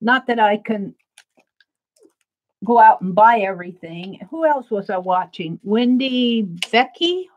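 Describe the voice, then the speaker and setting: A middle-aged woman from the American Midwest talks through her art stream in a high voice. She rambles slowly and easily while she works. She laughs often between thoughts. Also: animated, lo-fi sound, a little hiss or hum. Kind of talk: casual crafting livestream chat.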